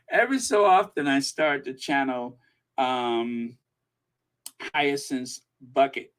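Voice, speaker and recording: A man's voice: medium pitch, takes it slowly, clean tone. A man hosting a royal news channel, reading viewer comments in a rambling, self-amused casual chat.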